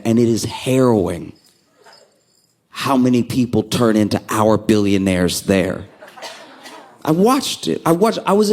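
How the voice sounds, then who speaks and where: A man doing a stand-up comedy set, telling stories with lively delivery and acting out the people he quotes. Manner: animated storytelling, acts out quoted people with sudden pitch jumps.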